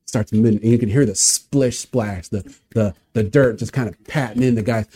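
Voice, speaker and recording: A man's voice: mid-range voice, brisk. A male pastor telling a story in a sermon, vividly asking listeners to imagine the scene. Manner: animated, vivid retelling, inviting listeners to imagine.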